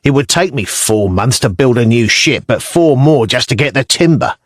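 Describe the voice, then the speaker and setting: A man's voice: mid-range voice, lively intonation, normal speed, dry recording, lightly acted. Testy shipwright, scornful and spitting, swings up and down a lot, dry close sound, as a male narrator puts him on. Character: testy small middle-aged male shipwright.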